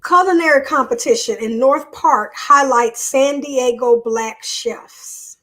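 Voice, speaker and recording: A woman's voice: sits high, slow pace, a bit bright. A woman hosting a live online show, chatting casually with viewers and reading a news article aloud in a loose, off-the-cuff way.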